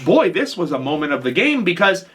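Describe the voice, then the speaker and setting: Animated, higher-pitched male radio host. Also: brisk, breathy edge. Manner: teasing, insistent, lively. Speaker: radio show host and moderator. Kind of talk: casual radio talk show chat.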